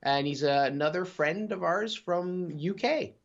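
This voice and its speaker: A man co-hosting a gaming podcast in casual chat, easygoing and quick to chuckle, with rambling asides. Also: high-pitched. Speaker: podcast co-host. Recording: dull lo-fi audio.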